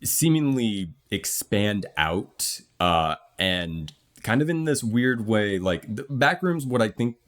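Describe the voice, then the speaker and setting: A man co-hosting a podcast, explaining films in a measured, deliberate way during casual chat. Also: on the low side, animated, fairly bright tone. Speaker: podcast co-host. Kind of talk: casual film review chat.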